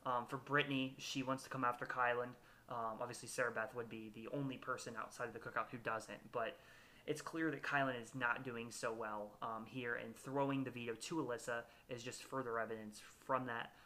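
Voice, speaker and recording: A man hosting a relaxed recap podcast, his voice bright and clear in the middle of his range. He talks casually and hesitantly, full of ums and self-corrections. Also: mid-range voice, a little fast. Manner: hesitant, lots of fillers and restarts. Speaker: podcast host. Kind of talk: casual reality-show recap chat.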